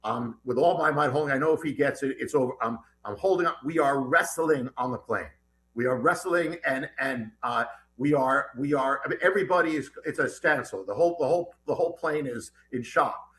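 A middle-aged man, a guest author in an interview, telling a personal story in an animated, urgent way with many restarts. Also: medium pitch, fairly quick.

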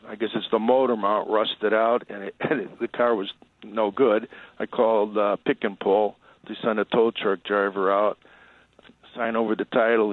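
A man's voice: lowish voice, dry recording. Man telling a story over a tinny line. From Chicago. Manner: rambling anecdote with acted quotes. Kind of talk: casual storytelling.

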